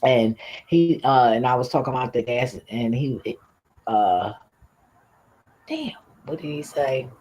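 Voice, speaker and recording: A man's voice: mid-range voice, lively intonation, measured pace, long pauses, a little mellow, slight background noise, poor audio. A man hosting a livestream, telling a story casually in a blunt, profane, laughing way. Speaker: livestream host. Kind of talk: casual storytelling to a live audience.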